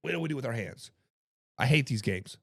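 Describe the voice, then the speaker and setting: A man hosting a casual live-streamed sports talk show, hoarse from coaching, chatting with viewers in the chat. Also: medium pitch, lively intonation, fairly quick, a bit bright, dry recording, studio quality. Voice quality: gravelly. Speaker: podcast host.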